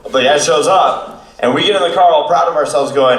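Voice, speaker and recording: A man's voice: a little high, brisk, fairly bright tone. A man hosting a convention panel, telling stories casually and laughing often. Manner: laughing, chatty storyteller. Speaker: podcast panel host. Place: convention hall room before an audience. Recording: echoey hall, voice from far off.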